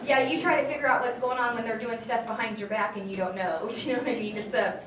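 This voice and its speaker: A woman's voice: a little high, steady tone, quick pace. A woman in her forties, a state legislator, gives a casual, story-filled talk to a local political group, with many fillers and asides. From California, Central Valley. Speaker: state assembly member giving a talk. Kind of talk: informal speech to a political group. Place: meeting room at a local political gathering. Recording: echoey room, distant, faint background noise.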